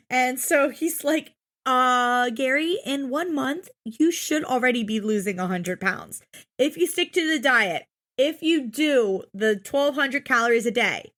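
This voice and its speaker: High-voiced exasperated woman podcaster. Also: animated, measured pace, a bit bright. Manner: exasperated, swears a lot, acts out quotes. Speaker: podcast co-host. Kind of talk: casual recap chat.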